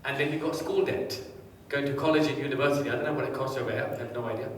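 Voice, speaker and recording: A man's voice: mid-range voice, rapid-fire, slight background noise. Man speaking in a very echoey hall. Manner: lively, quizzes the audience and tells anecdotes. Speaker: motivational speaker. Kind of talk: live seminar talk to an audience. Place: large hall with a live audience. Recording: echoey hall, distant mic.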